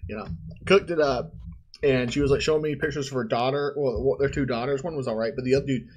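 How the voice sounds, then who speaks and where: A man's voice: medium pitch, fast, darkish tone, slightly rough. A male podcast host talking casually, telling rambling stories in slang and laughing often. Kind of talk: casual chat.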